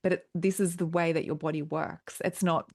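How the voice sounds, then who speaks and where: A woman podcast host speaks in a low, empathetic tone, affirming her guest. Her voice is recorded close and dry, with no room sound. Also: steady tone, moderate pace, a little mellow, dry recording. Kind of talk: supportive conversational chat.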